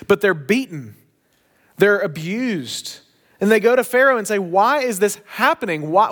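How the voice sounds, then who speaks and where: High-voiced man preaching a sermon. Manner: storytelling, emphatic, varies pace for emphasis. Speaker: pastor.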